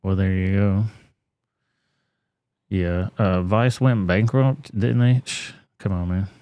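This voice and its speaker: Deep flat-voiced male streamer. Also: takes it slowly, clean tone. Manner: blunt, profane, laid-back. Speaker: live-stream host. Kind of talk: casual live-stream commentary.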